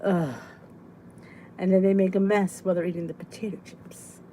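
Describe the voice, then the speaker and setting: A middle-aged woman talks in a loose, joking way, drifting into hushed asides. She sounds sleepy and yawns between thoughts. A faint hiss sits under her voice. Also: lowish voice, fairly even intonation, normal speed, low-quality recording. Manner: chatty, joking, breaks into laughs and soft whispered asides. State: sleepy, yawning. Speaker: host of a weight loss support chat. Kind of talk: casual live chat reading viewer comments.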